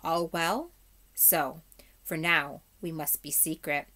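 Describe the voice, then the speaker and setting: A woman's voice: low voice, fairly even intonation, slow, bright, forceful tone, exaggerated voice. A woman reading aloud and voicing a young king who speaks in a formal, old-fashioned way. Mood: grave.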